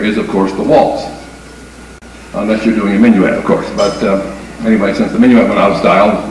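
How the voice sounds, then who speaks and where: Man lecturing in an echoey room. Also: on the low side. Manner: explanatory, counting beats aloud. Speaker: dance music lecturer. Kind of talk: lecture with demonstration. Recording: echoey room from far off with faint noise.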